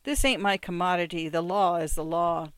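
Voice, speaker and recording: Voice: medium pitch, steady tone, moderate pace, fairly bright tone, clear, resonant tone, dry recording, lightly acted. A reader voicing a cold, amused, death-like ticket collector with a metallic, curt voice. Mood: cold indifference. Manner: curt, indifferent.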